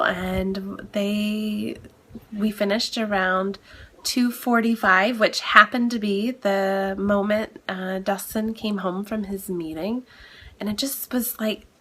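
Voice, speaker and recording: A woman in her thirties talks through a head cold, her voice stuffy and nasal. She sits at a mid pitch for a woman and chats casually for a vlog. She fills her pauses with plenty of ums and uhs. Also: a bit bright. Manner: chatty, with frequent ums and uhs. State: has a cold. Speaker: homeschooling mom vlogger.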